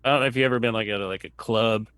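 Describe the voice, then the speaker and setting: A comedian telling a long rambling anecdote in casual chat, acting out what people said. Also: male voice, lowish voice, fairly even intonation, very fast, a bit bright, smooth, no echo. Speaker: comedian guest.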